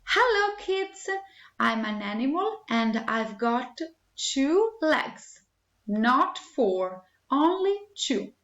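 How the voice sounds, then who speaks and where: A woman's voice: high-pitched, sing-song, extremely slow, a bit bright, reverberant, dull audio, full character voice. A woman voicing a friendly farm animal that greets children in a sing-song, emphatic way. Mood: cheerful.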